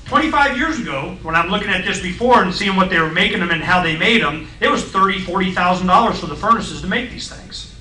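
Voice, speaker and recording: A middle-aged man on a radio talk show, explaining science in a blunt, folksy, excitable way and acting out voices in his stories. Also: sits high, fast talker, roomy sound, far from the mic, slight background noise, rough recording.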